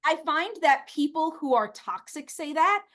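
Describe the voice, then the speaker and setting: A woman chatting casually as a podcast guest, animated and outspoken, laughing often and acting out the people she quotes. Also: high voice, measured pace. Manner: animated, outspoken, playful swearing and put-on quoted voices.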